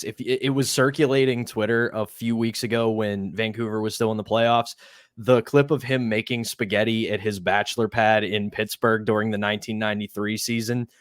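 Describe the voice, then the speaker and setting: A young man with a low voice tells a lively anecdote as a podcast co-host. He talks in a loose, animated way and acts out the people in his story. The sound is dry and close. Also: smooth, no room sound. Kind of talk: casual storytelling chat.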